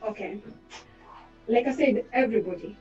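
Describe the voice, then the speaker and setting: A woman's voice: on the high side, normal speed, faint music behind. Hesitant woman on a muffled call. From East Africa. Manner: hesitant, many fillers, trailing off quietly. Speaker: panelist, transcriber. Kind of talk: online panel discussion. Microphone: video call. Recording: muffled echoey distant video call.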